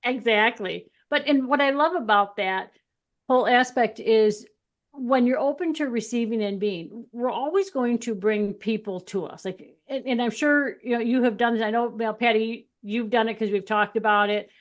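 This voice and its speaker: Candid, laughing woman talking about spirituality. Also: a little high. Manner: candid, animated storytelling, quick laughs. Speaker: podcast co-host. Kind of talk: casual spiritual chat.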